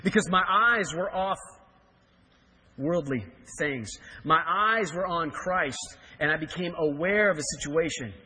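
A man's voice: on the high side, measured pace, slightly rough. A man in his forties from Kansas, a pastor telling a story in a sermon with joking asides. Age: 40s. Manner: animated storytelling, jokey asides. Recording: reverberant hall.

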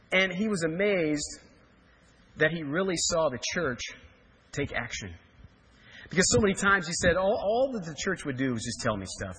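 Pastor, man in his forties, from Kansas, sermon storytelling, bright forceful tone, a bit husky. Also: medium pitch, fairly quick. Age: 40s. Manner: animated storytelling, jokey asides. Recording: reverberant hall.

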